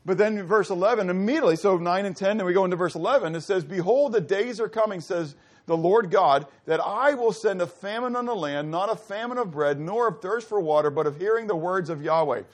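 A man's voice: high voice, fairly quick. A man preaching a sermon, teaching animatedly and putting questions to his listeners. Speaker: pastor.

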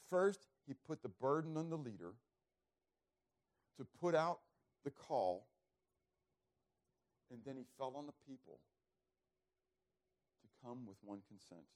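A man preaching a sermon, throwing rhetorical questions to the congregation and swinging from loud emphasis to hushed, low passages. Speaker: pastor.

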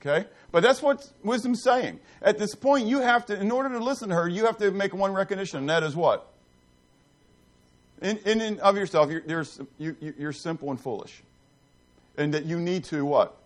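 A pastor preaching a conversational sermon in church, asking the congregation questions and breaking off into asides with many restarts. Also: male voice, high voice, moderate pace.

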